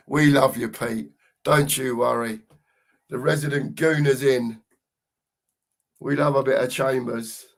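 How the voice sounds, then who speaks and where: A man's voice: mid-range voice, steady tone. A man co-hosting a live football watchalong, giving casual commentary and reading out chat messages with plenty of banter. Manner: banter-filled, drawn-out emphasis on goal calls.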